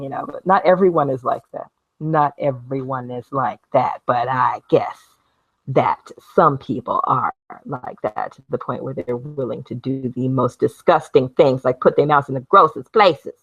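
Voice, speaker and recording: A woman's voice: very deep voice, expressive, normal speed, dry recording, dull audio. A woman in a casual vlog rant at home, blunt and sarcastic, swearing freely while she works with a glue gun. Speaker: video blogger. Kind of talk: casual talking-to-camera rant.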